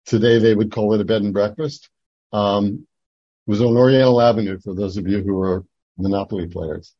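Older guy sharing his recovery story, halting, lots of ums, husky dull sound. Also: on the low side, fairly even intonation, no echo. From Atlantic City, New Jersey. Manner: halting, rambling storytelling with many fillers and restarts. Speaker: recovery meeting speaker. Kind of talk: personal testimony talk.

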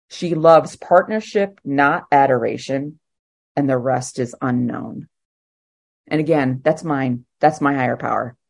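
Low-voiced woman sharing her recovery story. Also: darkish tone, no echo, clean studio sound. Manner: candid and emotional, halting with fillers. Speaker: speaker at a twelve-step meeting. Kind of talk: personal recovery share.

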